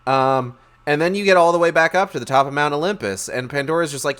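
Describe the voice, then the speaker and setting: A man's voice: fairly high pitch, fast talker, hardly any pauses, a bit bright, clear, resonant tone. A man casually recapping game lore with sarcastic, profane, slangy humor and lots of fillers.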